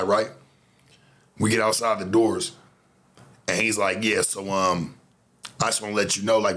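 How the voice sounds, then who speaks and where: A man's voice: on the low side, sharp tone. A man hosting a show, telling a story in a casual, profane monologue full of street slang. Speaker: show host.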